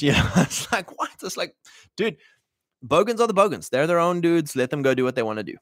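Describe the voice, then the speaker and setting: A man's voice: a little high, animated, a little fast, fairly bright tone, dry recording, studio quality. Rambling man on a political livestream. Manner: rambling, many fillers and restarts, acts out quotes. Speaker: livestream host. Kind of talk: casual political commentary.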